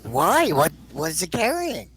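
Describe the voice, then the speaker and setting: A woman's voice: low-pitched, wildly swooping pitch, unhurried, husky. A woman playing a tabletop role-playing game, asking skeptical questions. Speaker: player.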